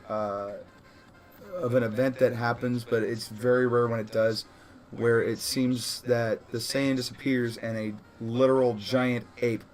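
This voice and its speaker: A man running a tabletop role-playing session as game master, casual and laughing, often correcting himself. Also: mid-range voice.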